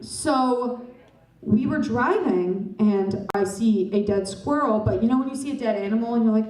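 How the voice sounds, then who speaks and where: A woman's voice: on the high side, moderate pace, darkish tone. Rambling young woman doing stand-up. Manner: rambling, self-mocking, chatty with the audience. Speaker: stand-up comedian. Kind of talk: stand-up comedy. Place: comedy club stage. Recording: roomy club sound from a distance.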